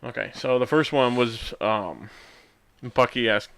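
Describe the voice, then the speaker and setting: A man's voice: medium pitch, measured pace, gravelly, fairly bright tone, dry recording. A man co-hosting a podcast, talking casually about a movie and reading out favorite quotes. He has a middle-range voice and fills his talk with ums and little laughs. The sound is close and dry. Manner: chatty, reads out quotes, frequent fillers and laughs. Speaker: podcast co-host. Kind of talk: casual movie review chat.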